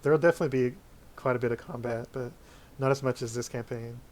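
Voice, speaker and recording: A man acting as dungeon master chats with his players on a voice call, planning a tabletop campaign and laughing often. His mid-range voice is fairly even and quick, with a little hiss or hum in the audio.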